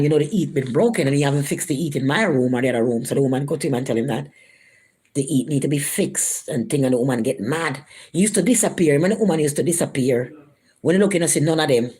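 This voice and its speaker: Lady venting her story to camera, low voice, jumps up high when she quotes people. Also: husky. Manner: animated, acts out quoted voices, rising pitch for quotes. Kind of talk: casual storytelling vlog.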